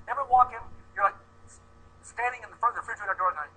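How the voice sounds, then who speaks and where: A man giving an animated, joking sales presentation to a live audience, putting questions to them. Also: very high-pitched, slightly rough, low-quality recording. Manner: animated and joking, acts out quick voices.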